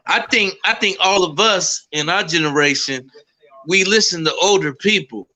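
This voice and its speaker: A man's voice: high voice, normal speed, pushed and bright, poor audio. A man co-hosting a casual chat, agreeable but blunt, swearing casually. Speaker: podcast co-host.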